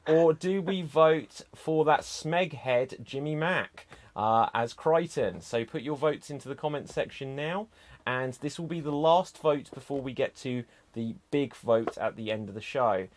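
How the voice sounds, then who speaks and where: A man's voice: a little high, fairly bright tone. A man hosting an online improv show, upbeat and teasing as he introduces scenes and reads out votes.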